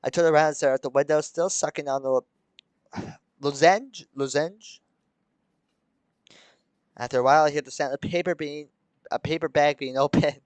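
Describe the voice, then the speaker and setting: A man's voice: on the high side, fairly even intonation, brisk, clear, resonant tone, no echo. Dry-sounding young man reading a game aloud. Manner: reads the story aloud, breaking off into chuckles and joking asides. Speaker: streamer reading a visual novel. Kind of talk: live let's-play commentary mixed with reading aloud.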